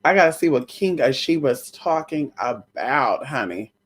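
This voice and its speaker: A woman's voice: very deep voice, big pitch swings, unhurried, husky. A tired woman hosting a casual live stream, chatting to her viewers and calling them girl and honey.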